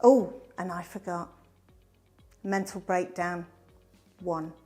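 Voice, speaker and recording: A middle-aged woman tells her own life story as a presentation. She is an animated storyteller who swings from bright emphasis to hushed asides. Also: lowish voice, slow, soft background music.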